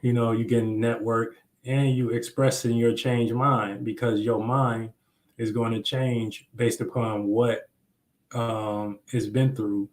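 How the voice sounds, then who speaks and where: A man's voice: mid-range voice, level tone, slow, darkish tone. A young adult man hosting a live astrology stream, talking loosely and slangily in rambling explanations. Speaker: astrology livestream host. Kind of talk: casual livestream talk.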